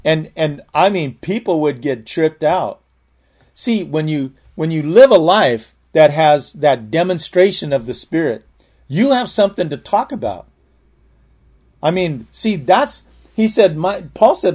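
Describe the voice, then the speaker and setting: A man's voice: fairly high pitch, lively intonation, unhurried, a little mellow. A man preacher telling a personal testimony in a sermon, earnest and full of restarts. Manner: earnest storytelling, frequent restarts.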